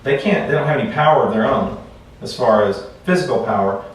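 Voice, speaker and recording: A man teaching a class in a relaxed, conversational way, telling stories and often restarting his sentences. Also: mid-range voice, brisk. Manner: conversational, repeats words when restarting. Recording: echoey room, far from mic, faint noise.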